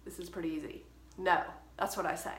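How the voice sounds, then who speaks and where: A woman with a lowish, steady, fairly bright voice gives photography advice directly to camera, talking a little fast in a reverberant space. As an educator and podcast host, she comes across as firm, direct and emphatic.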